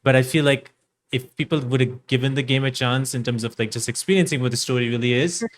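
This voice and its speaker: A man hosting a podcast interview, halting and often repeating words as he thinks. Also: medium pitch, steady tone. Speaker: podcast host. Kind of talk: casual interview chat.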